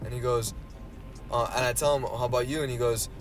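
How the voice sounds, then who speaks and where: A young man talks fast, spinning a loose, rambling story with a steady, mid-range voice. He swears freely and leans on fillers as he chats with friends, and music plays clearly behind him. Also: mid-range voice. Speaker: podcast co-host. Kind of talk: casual chat.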